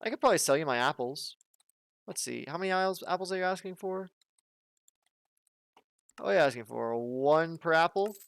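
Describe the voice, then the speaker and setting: A man's voice: on the high side, animated, moderate pace, vocal fry, pauses often, fairly bright tone, dry recording. A man from the southern United States casually commenting on his gameplay, chatty and jokey as he thinks aloud. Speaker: let's play host.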